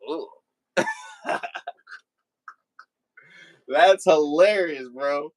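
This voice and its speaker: A young man streaming live, talking back to commenters in a blunt, animated way. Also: on the high side, measured pace, no room sound. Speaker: livestreamer. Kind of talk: casual livestream talk to commenters.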